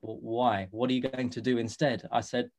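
Man, thirties, London accent, podcast guest, earnest storytelling, mid-pitched voice. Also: fairly even intonation, normal speed, a little mellow. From England. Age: 30s. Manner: earnest storytelling, acts out quoted dialogue. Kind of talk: casual podcast interview.

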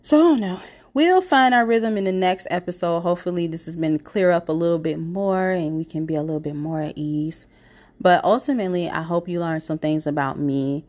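A woman's voice: fairly low pitch, fairly quick, darkish tone. Stuffy-nosed woman chatting on her podcast. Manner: rambling, conversational, lots of "you know" and "like". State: stuffy from a cold. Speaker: podcast host. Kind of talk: casual solo podcast talk.

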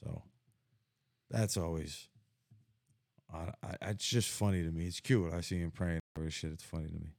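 A man's voice: low-pitched, moderate pace, gravelly, pauses often, a little mellow. A young man chatting casually as a podcast co-host, rambling, swearing and laughing often. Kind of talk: casual chat.

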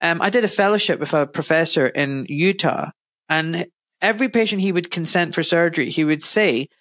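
Man hosting an interview, chatty, bright tense voice, slightly high, dry close sound. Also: no echo. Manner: chatty, reacts with quick interjections and anecdotes. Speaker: host, a surgeon.

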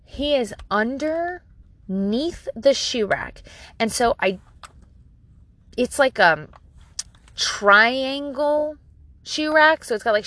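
Woman, 30s, bright tone, casual candid vlog storyteller who swears easily. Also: a little high, dry recording. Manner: candid, chatty, self-deprecating, swears casually. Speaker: parent vlogger.

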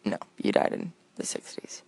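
A woman's voice: normal speed, a little mellow, dry recording, in a whisper. A young woman hosting a show, rambling through a comic voicemail in a chatty, self-deprecating way. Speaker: podcast host.

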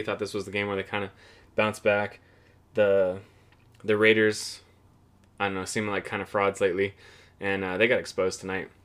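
A young man recapping the week's games on his own podcast, talking loosely and cursing freely. His voice sits a little on the low side, and he drifts through his thoughts with fillers and restarts. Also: a bit bright. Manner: rambling, profane, offhand. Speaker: podcast host. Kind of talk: casual solo football podcast recap.

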